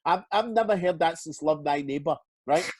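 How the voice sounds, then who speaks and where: A man's voice: a little high, normal speed, no room sound. A Scottish man, a retired footballer, tells stories in a casual interview. He swears freely and often stumbles and repeats words. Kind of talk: casual storytelling chat.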